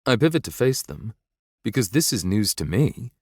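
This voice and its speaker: A man's voice: lowish voice, sing-song, normal speed, no echo, clean studio sound. A man narrating a romance audiobook in the first person, intense and brooding.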